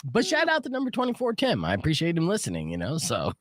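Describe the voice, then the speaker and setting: A man hosting a radio show, telling stories with lively voice imitations. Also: on the high side, fast talker, no echo. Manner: animated storyteller, mimics voices. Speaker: radio host. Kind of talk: morning radio banter. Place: radio studio. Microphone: studio broadcast mic.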